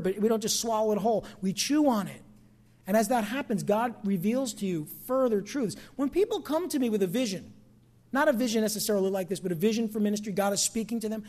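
A middle-aged pastor from New Jersey with a high male voice preaches conversationally. He drops into soft asides and then rises into loud, emphatic bursts.

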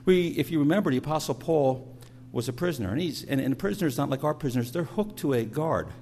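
A man's voice: a little high, animated, fast talker, darkish tone, slight background noise. A middle-aged man preaching a sermon, telling stories in a conversational way and often repeating words as he goes. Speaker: pastor.

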